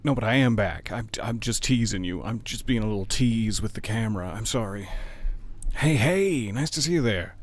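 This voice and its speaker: A man's voice: fairly low pitch, lively intonation, moderate pace. A young man chatting playfully over his live game stream, cracking jokes and teasing. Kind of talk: casual chat over a live playthrough.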